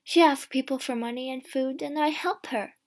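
A ragged, hot-tempered young woman , as a woman reader puts her on, answers in a fairly high voice that climbs when pushed. She talks defiantly and never backs down. This is a storybook reading. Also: moderate pace, close to an everyday voice.

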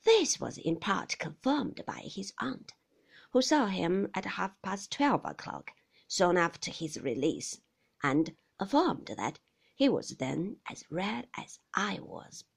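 A woman narrating a classic novel as an audiobook, in a hushed delivery that often drops to a breathy whisper. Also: medium pitch, sing-song, takes it slowly. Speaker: audiobook reader.

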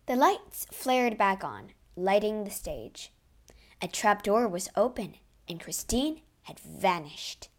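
Woman slowly reading a storybook aloud. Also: mid-range voice. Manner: expressive, dramatic narration.

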